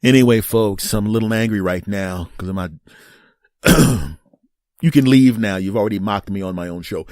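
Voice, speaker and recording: A man's voice: lowish voice, normal speed, darkish tone, no room sound, clean studio sound. Exasperated middle-aged male podcast host. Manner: exasperated, self-mocking, rambling. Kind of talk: solo comedy podcast monologue.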